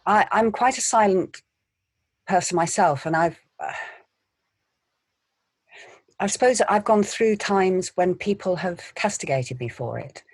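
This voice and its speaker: A woman, an actor, telling stories in a quiet, measured way in an interview. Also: fairly low pitch, animated, husky, no echo. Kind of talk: interview answers.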